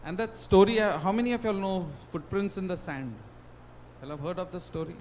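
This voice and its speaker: A middle-aged man with an Indian English accent giving an emotional personal testimony as a guest speaker, with dramatic swings in loudness. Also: high-pitched, brisk, a little hiss or hum, poor audio. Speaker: guest speaker at a student induction.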